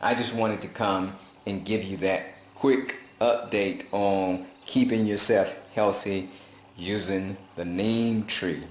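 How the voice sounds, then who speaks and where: A man talking in a folksy, preachy, casual vlog style, telling animated stories. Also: deep voice, slight background noise. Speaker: vlogger. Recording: roomy echo.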